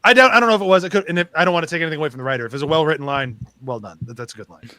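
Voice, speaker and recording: Upbeat guy hosting a podcast, kinda high voice, says "like" a ton, dry close sound. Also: very fast, no echo. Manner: animated, retells scenes with lots of "like". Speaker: podcast host. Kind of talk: casual chat.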